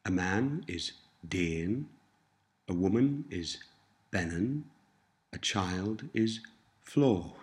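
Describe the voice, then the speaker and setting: A man teaching a language lesson, saying each word slowly and repeating it for listeners to copy. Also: low voice, expressive, darkish tone. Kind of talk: slow scripted language lesson.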